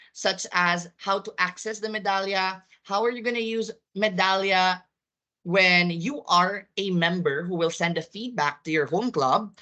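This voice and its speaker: A woman running a live online staff training over a video call, upbeat and rising high when she questions her audience. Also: bright, forceful tone. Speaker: corporate trainer.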